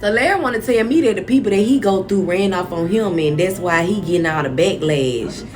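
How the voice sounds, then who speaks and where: A woman's voice: medium pitch, a little fast, slight background noise. Blunt, indignant woman telling a story. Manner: animated, with sudden shouts. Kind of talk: casual storytime vlog.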